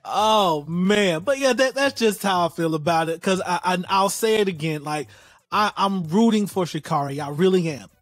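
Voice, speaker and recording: A woman's voice: fairly low pitch, normal speed, dry recording. A woman co-hosting a casual podcast chat, blunt and sassy, driving her points home with emphatic repetition. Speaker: podcast co-host.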